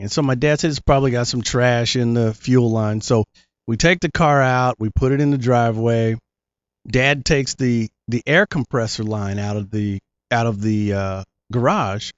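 A man's voice: medium pitch, no room sound. A man appearing as a talk show guest, telling a rambling story in a casual chat. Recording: dry, dull lo-fi sound.

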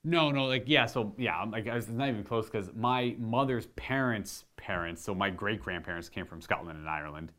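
A man from Ontario, chatting casually on his channel, rambling and correcting himself and getting animated while demonstrating. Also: on the low side, normal speed, few pauses. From Ontario, Canada. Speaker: video host answering viewer questions. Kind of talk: casual chat.

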